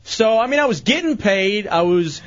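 Male host, 30s, high and animated, self-mocking banter, slightly muffled sound. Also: moderate pace. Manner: self-deprecating, laughing often. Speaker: talk show host. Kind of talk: casual studio banter.

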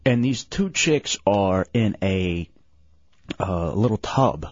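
A man's voice: fairly low pitch, expressive, slow pace, no echo. A man running a radio show, his voice swinging up and down as he jokes, laughs and reels off prizes and phone numbers. The sound is dry and close, with a slightly dull, lo-fi broadcast tone. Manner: playful, laughs often, reads phone numbers. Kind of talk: casual morning-show banter. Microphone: studio microphone.

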